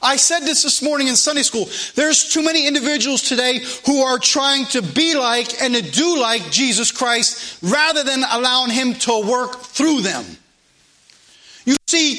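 A man's voice: very high voice, bright, forceful tone. A man preaching a sermon, reading scripture aloud and pressing questions on his listeners with emphatic delivery.

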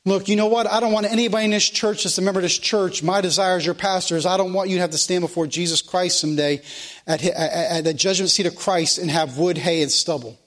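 A middle-aged male pastor preaching a sermon in church, emphatic and repetitive, slowing and rising at his climaxes. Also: high voice, fairly even intonation, a bit bright. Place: church sanctuary.

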